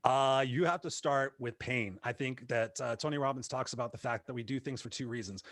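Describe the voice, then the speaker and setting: Fast-talking man telling his story. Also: medium pitch, no room sound, clean studio sound. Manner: animated, acts out quoted voices, many fillers. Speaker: guest, motivational speaker. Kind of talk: casual storytelling interview.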